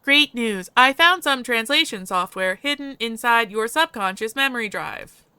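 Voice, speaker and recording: A woman's voice: fairly high pitch, lively intonation, moderate pace, pushed and bright, clear, resonant tone, no room sound. A woman voicing a sprightly, smug AI companion with a cheerful, self-satisfied manner. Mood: chirpy. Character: sprightly smug AI living in a man's head.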